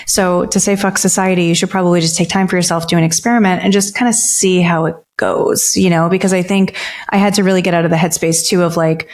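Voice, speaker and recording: A woman's voice: lowish voice, fairly even intonation, quick pace. A woman therapist co-hosting a podcast, talking candidly and reflectively in long stretches. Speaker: therapist co-host. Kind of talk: casual podcast chat.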